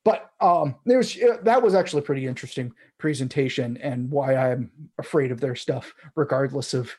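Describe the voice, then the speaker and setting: A man's voice: medium pitch, fairly quick, a little mellow, slightly rough. A man hosting a casual tech chat, rambling with restarts and fillers. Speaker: podcast host.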